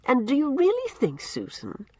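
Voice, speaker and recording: A woman's voice: sits high, wildly swooping pitch, moderate pace, mellow, no echo, pitched above the performer's own voice, exaggerated voice. A woman voicing a dreamy, imaginative doctor's wife who speaks wistfully. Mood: teasing.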